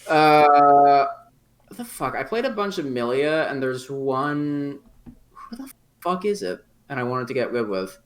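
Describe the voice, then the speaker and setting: A man's voice: a little high, very animated, unhurried, slight background noise. A man chatting as a guest on a casual podcast. He sounds offhand and easygoing, swears here and there, and pokes fun at himself when he forgets things. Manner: offhand, swearing, self-deprecating. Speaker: podcast guest, game modder.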